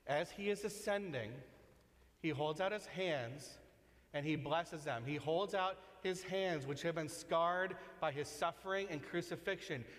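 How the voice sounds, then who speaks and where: A man preaching a sermon in a church sanctuary, his voice sitting a little high for a man. He talks conversationally, pushing up for emphasis and then dropping soft and slow. His voice rings out in a long hall reverb. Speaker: pastor.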